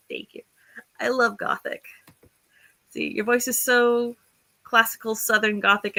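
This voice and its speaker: Woman streamer, unhurried and bright, easygoing chat with viewers. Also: on the high side, poor audio. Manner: chatty, thinks aloud, reads writing aloud. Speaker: livestream host of writing sprints. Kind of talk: casual livestream chat.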